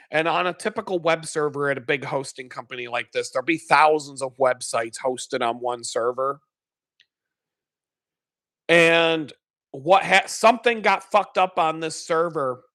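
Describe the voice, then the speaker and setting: A man's voice: a little high, no room sound, clean studio sound. Profane, fired-up man telling a story. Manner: profane, animated storytelling, acts out his own outbursts; swears heavily. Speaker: live stream host. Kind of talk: casual chat.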